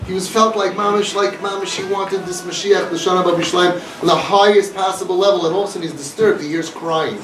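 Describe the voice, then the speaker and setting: This male inspirational speaker sits high in pitch and keeps a steady tone, talking fast with hardly any pauses. His earnest, emphatic talk to the audience repeats its points, captured by a distant mic in an echoey room with faint noise.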